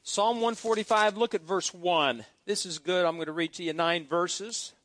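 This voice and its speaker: A man's voice: sits high, moderate pace, a bit bright. A middle-aged man preaching a sermon as pastor, reading scripture aloud with exuberant emphasis and folksy asides.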